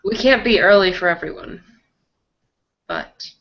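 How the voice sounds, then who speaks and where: Gravelly-voiced woman at a game table. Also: lowish voice, steady tone, unhurried. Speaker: player. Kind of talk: narrating her character. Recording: lo-fi with faint noise, distant.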